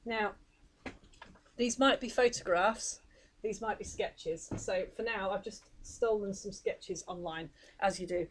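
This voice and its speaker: A woman's voice: medium pitch, normal speed, slight background noise, poor audio. Chatty woman explaining a game. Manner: chatty, explanatory, frequent fillers. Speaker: co-host demonstrating a mystery game. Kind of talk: casual live stream demonstration.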